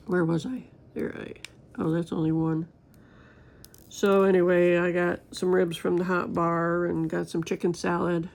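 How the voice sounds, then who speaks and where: A woman's voice: lowish voice, creaky, a little mellow. A woman crafting vlogger chatting casually and rambling to her viewers while she works on a diamond painting.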